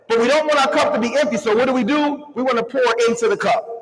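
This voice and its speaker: A man giving an energetic motivational keynote to a live crowd, calling on the audience to answer and move along with him. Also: extremely high pitch, quick pace, slight background noise. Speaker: motivational speaker. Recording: long hall reverb.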